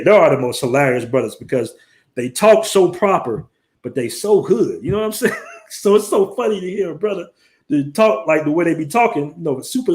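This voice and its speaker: A man hosts a casual live stream, talking in an easy, slangy way. His voice sits a little high for a man, and he keeps his patter loose and unhurried. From United States. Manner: laid-back, slangy, reads out viewer comments.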